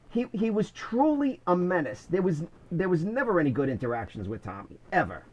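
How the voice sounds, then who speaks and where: A middle-aged man from the Bronx, a former corrections officer telling stories in an animated, casual way. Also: high voice, a little fast, hardly any pauses, rough recording. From Bronx, New York. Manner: animated, many restarts, "I says". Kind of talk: casual storytelling.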